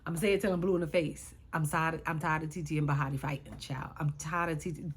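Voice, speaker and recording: A woman's voice: low-pitched, fairly even intonation, quick pace, slight background noise. A woman recapping a reality show in casual chat, sassy and exasperated as she talks to her viewers.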